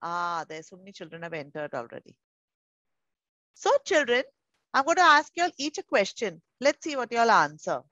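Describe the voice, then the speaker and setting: A woman with an Indian English accent teaches pre-school children in an online class, coaxing them affectionately and calling them darling. Her mid-range voice is sing-song and sharp at normal speed, and the dry recording comes through as muffled video call audio.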